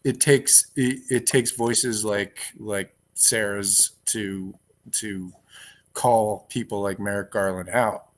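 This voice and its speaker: A man co-hosting a casual political talk show, his voice sitting a little low. He speaks bluntly and swears freely, and his delivery leans into dark humor. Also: fairly even intonation, takes it slowly. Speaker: podcast co-host.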